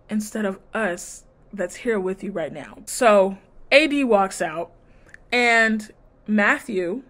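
A woman's voice: medium pitch, a bit bright. A woman reality-TV recap vlogger, sassy and blunt, mid-range voice. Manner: sassy, blunt, mimics cast members' lines. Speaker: TV review vlogger. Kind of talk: casual reality-show recap.

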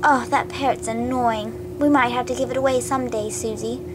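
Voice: mid-range voice, steady tone, moderate pace, noisy background, voice pushed down, lightly acted. A child voicing a caring but stern mother in a homemade toy play, who scolds sharply when upset. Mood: calm, fussy. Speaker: voicing toy figures in a home video.

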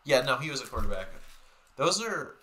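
A man's voice: medium pitch, very animated, moderate pace, pushed and bright, a little hiss or hum. A young man vlogging to camera, rambling and joking in a loose, profane way about his day. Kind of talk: casual chat to camera.

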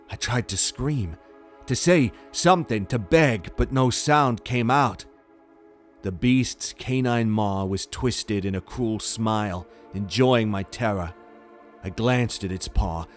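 A man reading a scripted first-person horror story in a tense, dramatic way. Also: on the low side. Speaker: narrator.

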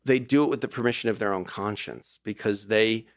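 A man's voice: on the low side, a little fast, no room sound, studio quality. A middle-aged man, a divorce lawyer talking as a podcast guest, who tells stories with emphasis and acts out quoted dialogue. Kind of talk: animated conversational interview.

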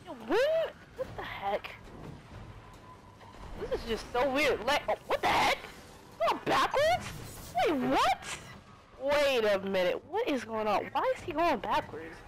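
A young woman commenting over her own gameplay, her high voice leaping up and down through exclamations and bursts of laughter. She talks at an unhurried pace between the outbursts, keeping up a running commentary as she plays. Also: background noise. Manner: excitable, laughing, frequent exclamations. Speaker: gaming video creator.

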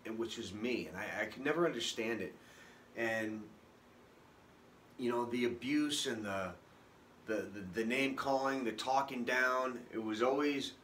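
A man telling his own life story unscripted, halting and emotional, with many restarts. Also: lowish voice, fairly bright tone, slight background noise. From Boston area, US. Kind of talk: personal testimony, unscripted.

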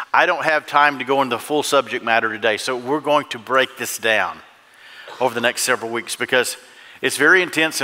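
A male pastor delivers a fervent sermon and keeps turning to the congregation with questions. His voice is bright and forceful. It carries through a church sanctuary with a long reverb. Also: on the high side. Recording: echoey church hall.

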